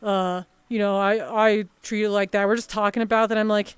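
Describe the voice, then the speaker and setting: A woman's voice: medium pitch, level tone, a little fast, few pauses, clear, resonant tone, no echo. A woman streamer telling a story in a casual, rambling chat full of fillers and restarts.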